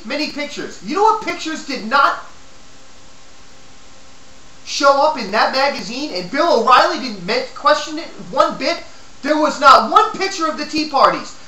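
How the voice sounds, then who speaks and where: A woman giving an impassioned political rant, indignant and repetitive, her voice shaking with anger as it builds to shouting. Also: high voice, roomy sound, poor audio. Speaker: political commentator.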